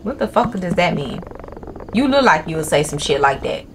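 A woman's voice: lowish voice, big pitch swings, normal speed, noisy background. Foul-mouthed woman streamer. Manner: loud, profane, swearing reactions. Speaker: gaming streamer. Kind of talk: horror gameplay commentary.

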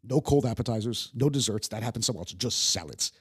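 A young man from New York with a New York accent, a chef talking in a casual podcast conversation, profane and animated, restarting his sentences often. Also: mid-range voice, fast talker, breathy edge. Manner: profane, animated storyteller with many stammered restarts. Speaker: guest chef.

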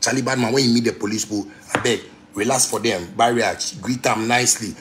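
A man's voice: a little fast, slight background noise. Heated Ghanaian man ranting. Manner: preachy and heated, swings between loud outbursts and low murmurs. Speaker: musician live-streaming. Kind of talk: impassioned social media rant.

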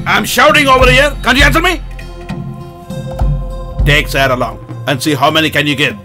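An actor dubbing a brutal male beggar-gang boss who threatens and shouts at his men, in an English film dub. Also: fairly high pitch, quick pace, music in the background, close to an everyday voice. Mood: shouting.

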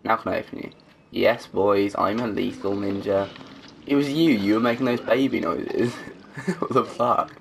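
Gamer, male, low gravelly slow drawl, swears a lot. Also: a little hiss or hum. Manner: swearing, laughing, joking to himself. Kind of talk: let's play commentary.

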